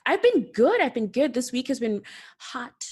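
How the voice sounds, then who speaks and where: A woman's voice: sits high, big pitch swings, moderate pace, slightly rough. A woman co-hosting a podcast in casual chat, playful and talkative, recorded in her apartment. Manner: chatty and playful. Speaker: podcast co-host.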